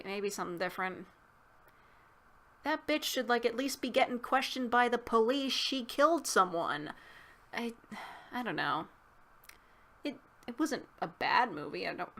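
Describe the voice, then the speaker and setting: A woman's voice: medium pitch, a bit bright. A woman recapping and reviewing a movie in a casual, rambling way, heavy on "like" and swearing. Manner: rambling, profane, filler-heavy.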